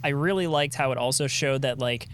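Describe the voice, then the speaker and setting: A man's voice: medium pitch, brisk, slight background noise. A man co-hosting a podcast, talking casually and rambling with lots of fillers and restarts. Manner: rambling, many likes and restarts, animated. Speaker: podcast co-host. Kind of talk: casual chat.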